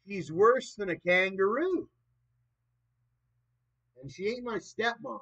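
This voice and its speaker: A man in his late twenties vlogging in a rambling, profane monologue that swings between loud and soft. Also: sits high, lively intonation, slow, breathy edge. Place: old property in the countryside. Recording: dull lo-fi recording.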